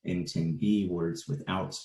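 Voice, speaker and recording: A man presenting an academic conference talk, explaining in a measured way with fillers and restarts. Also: sits low, steady tone, a little mellow, reverberant, rough recording.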